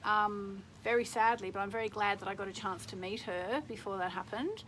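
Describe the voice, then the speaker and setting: A woman's voice: medium pitch, brisk, fairly bright tone, a little hiss or hum, poor audio. A middle-aged woman hosting a casual live stream, chatting in a rambling way and reading out viewer comments.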